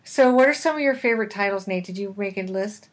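A woman co-hosting a casual podcast chat, chatty and quick to laugh. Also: medium pitch. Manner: chatty, laughs often, romantic enthusiast. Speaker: podcast co-host.

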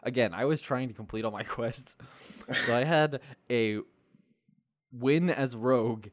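A man's voice: medium pitch, unhurried, no room sound. A man co-hosting a casual gaming chat, rambling with fillers and restarts and laughing often. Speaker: podcast co-host.

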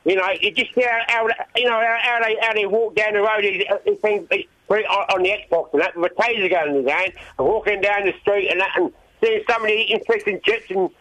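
A man's voice: sits high, steady tone, brisk, pushed and bright, no room sound, low-quality recording. A man calling a radio show, rambling and repeating his words as he talks. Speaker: caller. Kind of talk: casual phone-in chat.

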